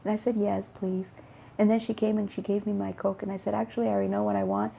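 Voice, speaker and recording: Gravelly-voiced woman telling a story. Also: medium pitch, little pitch movement, fast talker, warm tone, a little hiss or hum. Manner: rambling, repeats words, acts out dialogue. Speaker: vlogger. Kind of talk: casual storytelling about faith.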